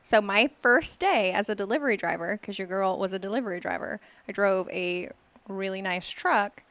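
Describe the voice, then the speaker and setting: A Southern woman at a medium pitch co-hosts a casual morning show. She tosses in teasing one-liners, and her voice sounds dry and close in the recording. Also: a bit bright, no room sound. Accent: Southern American. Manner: teasing, quick quips. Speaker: co-host. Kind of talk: casual chat.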